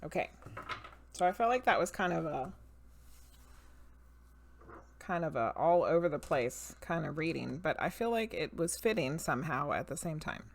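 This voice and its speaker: A woman's voice: low-pitched, expressive, moderate pace, vocal fry, pauses often, a little hiss or hum. A woman streaming live as a medium and tarot reader, chatting casually with viewers, laughing often and greeting them by name. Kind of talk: casual live-stream chat and card reading.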